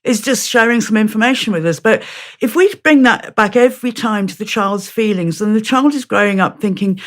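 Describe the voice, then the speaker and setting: Woman guest on a podcast, mid-pitched voice, calm and measured, talks through examples. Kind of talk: podcast conversation.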